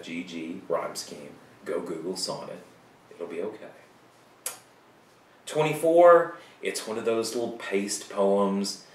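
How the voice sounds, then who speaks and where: Male writing teacher, low voice, casual joking asides, echoey room, mic far off. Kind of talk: recorded video lecture. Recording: roomy sound from a distant mic.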